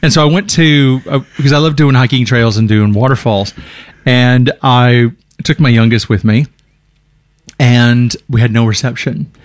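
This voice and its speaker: A middle-aged man telling stories in a casual chat, animated and laughing often. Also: mid-range voice, moderate pace, no echo. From outside Australia.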